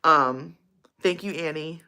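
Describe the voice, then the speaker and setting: A woman's voice: sits low, slow pace, pushed and bright, clear, resonant tone. Bubbly giggly young woman streamer. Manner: bubbly, giggly, lots of likes and ums. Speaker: livestream host. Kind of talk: casual livestream chat.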